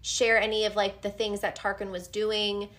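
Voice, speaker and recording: A young woman co-hosting a casual book chat, animated and reading passages aloud with feeling. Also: mid-range voice, normal speed. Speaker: podcast co-host.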